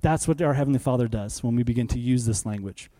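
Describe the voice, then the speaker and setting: A man in his thirties preaching a sermon in an animated, conversational way, full of rhetorical questions. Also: mid-range voice, quick pace. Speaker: pastor.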